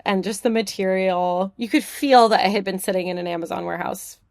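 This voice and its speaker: A woman's voice: mid-range voice, a little fast, gravelly, dry recording, clean studio sound. A young adult woman from the United States, a podcast guest chatting casually, joking often and leaning on filler words. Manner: giggly, jokey, heavy on filler words. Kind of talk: casual interview chat.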